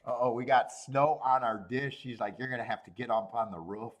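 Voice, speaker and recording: A man hosting a horse racing betting livestream, chatting casually in an animated way, swearing, laughing and rambling with restarts. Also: mid-range voice, a little fast, lo-fi sound.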